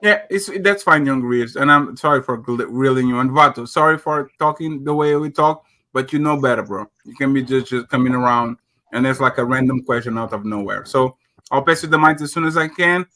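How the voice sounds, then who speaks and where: Young male podcast host, bright and brash, casual debate style. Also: medium pitch, a little fast. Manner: blunt, crude, swings from loud to muttered.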